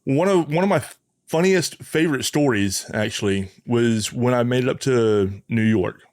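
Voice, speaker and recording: A man hosting a podcast, telling a story in an animated, casual way with frequent restarts. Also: medium pitch, moderate pace, no echo. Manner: animated anecdote teller with many restarts. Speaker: podcast host.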